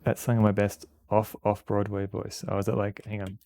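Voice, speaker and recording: Gravelly-voiced man streamer, joking. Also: lowish voice, completely flat delivery, moderate pace, mellow, no room sound. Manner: joking, self-mocking, stammers and repeats words. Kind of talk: casual gameplay commentary.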